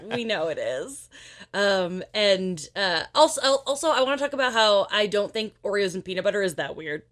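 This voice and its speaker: A woman's voice: medium pitch, fairly quick, a bit bright. A woman who is a guest on a podcast, chatting casually and gushing with enthusiasm, with many "uh"s. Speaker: podcast guest, entertainment journalist. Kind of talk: casual chat.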